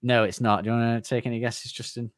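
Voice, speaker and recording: A man's voice: medium pitch, little pitch movement, quick pace, no echo, studio quality. A man hosting a casual podcast quiz, teasing the players and laughing as he reads out questions.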